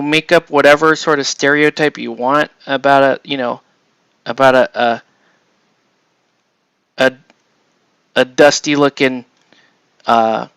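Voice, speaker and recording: A man's voice: mid-range voice, pushed and bright, dry recording. A man casually telling a long personal story while painting, rambling with many restarts and tag questions. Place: home hobby room.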